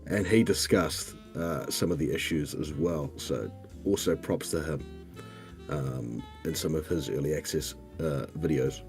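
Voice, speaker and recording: A man co-hosting a livestream, easygoing and quick to laugh in casual chat. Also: very deep voice, a little mellow, faint music behind. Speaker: co-host.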